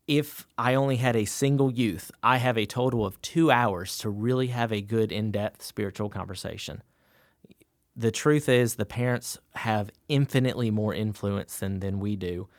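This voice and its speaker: Calm youth pastor, lowish voice. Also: male voice, dry recording, studio quality. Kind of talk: podcast discussion.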